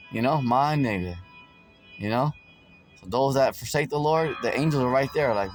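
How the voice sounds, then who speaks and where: A man's voice: mid-range voice, moderate pace, pauses often. A man preaching a casual street sermon in a conversational, slangy, repetitive way, full of fillers, with music playing behind.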